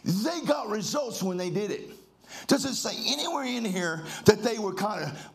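Excitable preacher guy, high voice bouncing all over, hyping up the church. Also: normal speed. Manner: exclamatory, leads call-and-response. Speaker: pastor. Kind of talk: fervent sermon.

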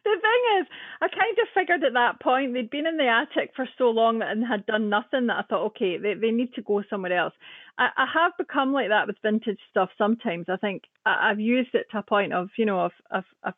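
A woman's voice: fairly high pitch, brisk, no room sound. A woman chatting casually as a guest, laughing often and acting out quotes. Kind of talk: casual chat. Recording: tinny phone-like line, dry.

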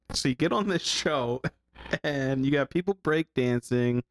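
A man's voice: mid-range voice, lively intonation, unhurried, no echo. A man hosting a casual podcast interview, prompting his guest with questions and laughing along. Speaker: podcast host.

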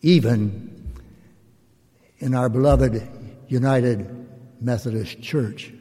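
An older man, a pastor, giving a slow and reflective sermon in measured, drawn-out phrases. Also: mid-range voice, mellow, husky. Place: church sanctuary. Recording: long reverb of a church hall.

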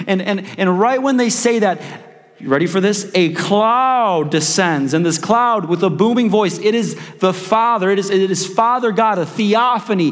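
Animated male pastor in a reverberant hall. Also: sits high, normal speed. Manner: animated storytelling with playful asides and repeated restarts. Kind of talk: sermon.

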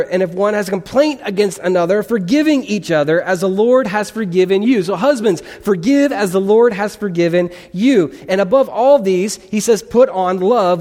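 A man's voice: high-pitched, a little mellow. A male pastor preaching a sermon in an earnest, conversational way, putting questions to his congregation in a church. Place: church sanctuary. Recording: long reverb of a large hall.

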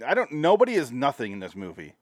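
A man's voice: medium pitch, wildly swooping pitch, fast, no room sound. A man talking movies on a podcast in an easy, joking way, now and then crude. His voice moves up and down a lot as he talks. The recording is close and dry, with no room sound. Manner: laid-back, joking, profane. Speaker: podcast co-host. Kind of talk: casual movie-review chat.

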